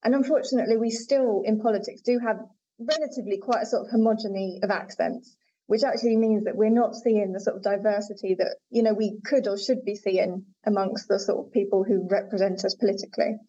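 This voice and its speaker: A woman researcher answers interview questions in a thoughtful, hedging way, with plenty of fillers. Her voice is warm and mellow. The recording is dull and lo-fi with a faint hiss underneath. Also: medium pitch, steady tone, a little fast. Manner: thoughtful, many fillers and hedges. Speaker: linguistics researcher, guest. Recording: dull lo-fi audio with faint noise.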